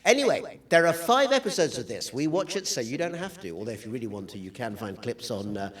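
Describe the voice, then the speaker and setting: A man lecturing to an audience from slides, with a dry, wry sense of humor and plenty of hesitant fillers. His voice sits at an ordinary middle pitch for a man. He sounds set back from the microphone. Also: very animated, fast talker, recorded from a distance. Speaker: guest lecturer.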